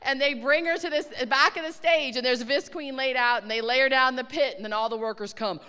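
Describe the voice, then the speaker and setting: High bright lady telling a mission story, gets loud then hushed, smooth clear voice. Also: fairly quick, big-room sound. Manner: excitable, swings from hushed to shouting. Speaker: ministry speaker. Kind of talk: animated testimony storytelling.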